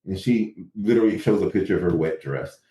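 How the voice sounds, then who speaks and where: Brisk and low-pitched, a man guesting on a casual interview animatedly relates his story and acts out quotes from others. The room is echoey and the recording rough.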